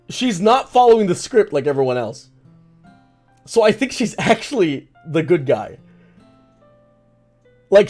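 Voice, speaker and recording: Woman streamer, let's play commentary, excited rambling, lively pitch.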